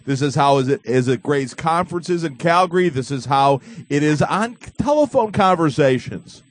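A man hosting a casual webcast, joking with callers in an excitable way. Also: a little high, normal speed. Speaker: host.

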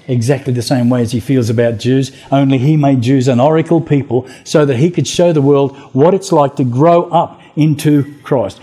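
A man preaching a sermon, telling Bible stories with lively acted-out voices and rhetorical questions. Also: medium pitch, slightly rough. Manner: animated storytelling, acting out biblical voices.

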